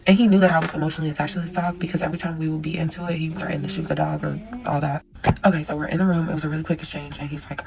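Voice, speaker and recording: A young woman casually telling a dramatic personal story to her viewers, animated, swearing, calling them y'all. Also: deep voice, very fast, poor audio. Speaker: storyteller vlogger.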